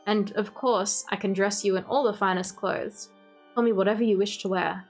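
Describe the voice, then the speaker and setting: An Australian woman reading the lines of a cold, obsessive male doctor who makes dolls, in a calm, formal, softly menacing way. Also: medium pitch, normal speed, soft background music, natural voice. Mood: gloating.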